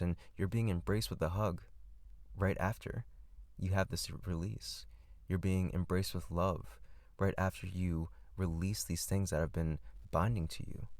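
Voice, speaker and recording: Deep-voiced, gentle man talking softly. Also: dry recording. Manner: soft, gentle and repetitive, with frequent restarts. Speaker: podcast host. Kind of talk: reflective spoken monologue.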